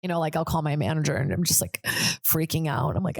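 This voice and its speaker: A woman's voice: sits low, lively intonation, quick pace, vocal fry, no room sound, clean studio sound. Rambling, swearing woman podcast host. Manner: rambling, lots of "like", swears freely. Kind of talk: casual comedic monologue.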